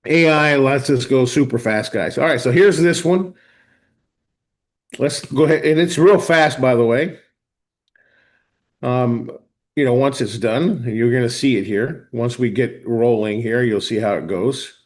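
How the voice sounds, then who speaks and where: A man hosting a live online class, talking viewers through software step by step in a casual, chatty way. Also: medium pitch, a little slow. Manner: casual, talks to viewers directly, thinks aloud while clicking. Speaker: host of a software training session. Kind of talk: live screen-share walkthrough.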